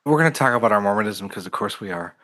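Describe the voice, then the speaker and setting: A man's voice: on the low side, animated, racing, fairly bright tone. A man co-hosting a podcast, talking in a reflective, earnest way with many fillers. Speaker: podcast co-host. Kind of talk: casual conversational podcast.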